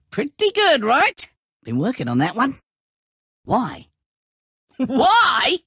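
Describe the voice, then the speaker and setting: A man's voice: extremely high pitch, huge pitch swings, extremely slow, sharp tone, husky, no echo, clean studio sound, exaggerated voice. An actor voicing a smug, godlike male villain in a video game, taunting and amused by others' anger. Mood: gleeful mocking.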